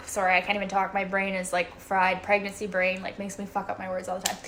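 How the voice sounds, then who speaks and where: A woman life coach talks straight to her livestream viewers in a loose, chatty way, dropping swear words and checking in with "right?" after almost every point. Her voice sits at an ordinary middle pitch, with faint noise behind her. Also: a bit bright. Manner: chatty, swears freely, keeps asking "right?". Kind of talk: casual motivational livestream talk.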